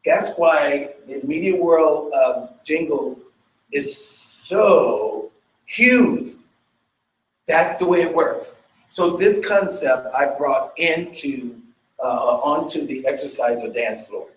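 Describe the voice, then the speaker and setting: A male dance fitness instructor teaches a workshop, chatting, checking in with listeners and energetically vocalizing beats and sounds. His pitch is fairly high and his pace slow, in an echoey room.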